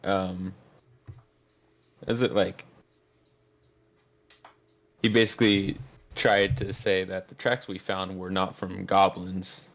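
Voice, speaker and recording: A man with a very low, flat voice playing in a tabletop game. He speaks slowly and haltingly, stopping to search for words. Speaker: player.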